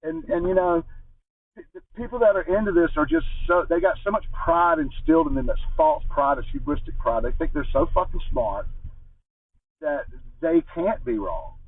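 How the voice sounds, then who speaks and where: A political commentator delivers an angry, profane rant as a monologue, his fairly high voice slightly rough and at normal speed. The audio is muffled and phone-like, recorded far from the mic, with no echo.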